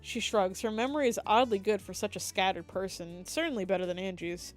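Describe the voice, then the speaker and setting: A young woman, a streamer, reading the text of a dating game aloud with lively asides and slips. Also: medium pitch, a little fast, soft background music.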